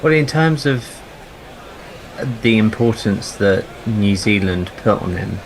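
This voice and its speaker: Casting: lowish male voice, conversational co-commentator, faint noise. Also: expressive, slow pace, rough recording. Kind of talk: casual chat during commentary.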